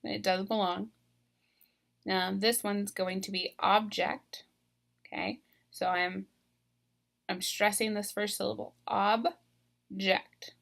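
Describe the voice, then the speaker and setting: Patient woman teacher with a gravelly edge. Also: medium pitch, little pitch movement, unhurried, pauses often, a bit bright. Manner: patient, step-by-step, thinks aloud with fillers. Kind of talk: instructional video walkthrough.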